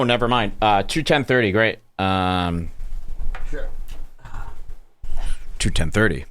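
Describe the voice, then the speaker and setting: A man's voice: medium pitch, sharp tone, clean tone. A man hosting a podcast, mocking clips he plays in a crude, rambling way. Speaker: podcast host. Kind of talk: casual commentary over clips.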